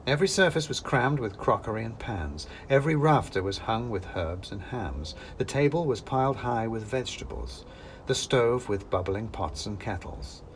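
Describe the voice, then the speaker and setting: Wry, expressive male storyteller. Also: medium pitch, normal speed, a little hiss or hum. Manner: wry, dry humor, expressive first-person reading. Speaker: narrator and author-reader. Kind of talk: storybook narration.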